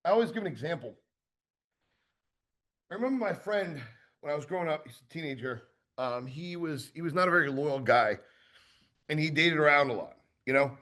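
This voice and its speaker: Lively high-voiced man giving sales training. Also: a little fast, pauses often. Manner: animated, acts out customer exchanges; conversational with many fillers and asides. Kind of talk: casual training talk.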